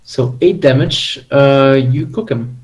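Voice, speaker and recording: A man's voice: medium pitch, slow, background noise. A man acting as game master of a tabletop game, patiently explaining rules with frequent hesitations.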